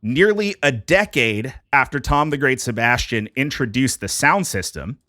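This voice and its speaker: Man host, bright tone, dry close sound, casual jokey read of history notes. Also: medium pitch, expressive, normal speed, no room sound. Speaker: podcast host presenting a history topic. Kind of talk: casual podcast chat, reading prepared notes.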